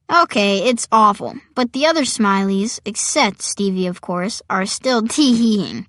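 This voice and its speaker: A woman's voice: medium pitch, animated, unhurried, few pauses, a bit bright, no echo, studio quality. A woman reading a first-person audiobook in a wry, conversational storytelling manner. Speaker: audiobook narrator.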